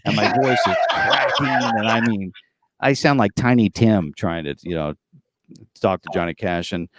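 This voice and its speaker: A man of about forty, a tribute performer from California, rambles easily through stories, full of fillers, as an interview guest on a video call from the front of his tour bus. His voice is lowish and moderately paced, with heavy noise behind it.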